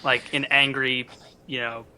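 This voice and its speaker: A man's voice: medium pitch, little pitch movement, unhurried, sharp tone, clean tone. A man on a podcast, chiming in with teasing, joking questions in casual chat. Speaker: podcast co-host.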